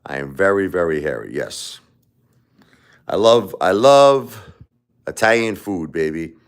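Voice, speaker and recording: A man's voice: deep voice, very animated, a little slow. A man hosting a live stream, telling a story in a casual, jokey, rambling way.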